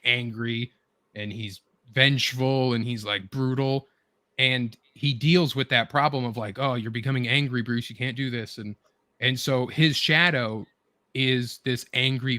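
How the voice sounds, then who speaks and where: A show host with a middle-pitched, pushed and bright voice chats with friends, rambling eagerly through a retelling while stacking fillers and false starts as he piles on details. He is close to the mic, and the sound is dry with no room sound.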